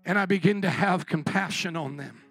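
A man preaching a sermon as pastor, impassioned, swinging from quiet and tender to shouting. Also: sits high, moderate pace, husky, no room sound, soft background music.

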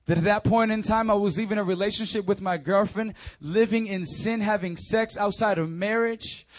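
Preaching with energy, this man moves between forceful exhortation and hushed, intimate speech, often repeating calls such as "come on now." He sits high in pitch and speaks at normal speed.

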